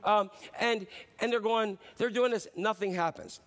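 A pastor preaching a sermon, retelling a Bible story with animated, playful storytelling. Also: male voice, high voice, measured pace. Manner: animated storytelling, slipping into playful character voices.

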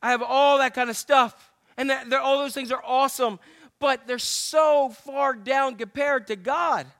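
A man's voice: very high voice, fairly even intonation, measured pace, a bit bright. A man pastor preaching an earnest, conversational sermon.

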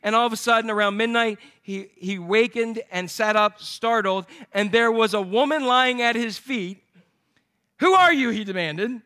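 A man's voice: high voice, fairly even intonation, normal speed, few pauses, sharp tone, smooth. A man preaching a sermon, telling a scripture story with jokes to his congregation. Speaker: pastor.

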